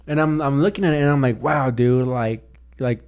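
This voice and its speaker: A man's voice: mid-range voice, normal speed, darkish tone, clean tone. A young man co-hosting a podcast, telling a story in a rambling, casual way, with many restarts and "dude". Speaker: podcast co-host, comedian. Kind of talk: casual chat.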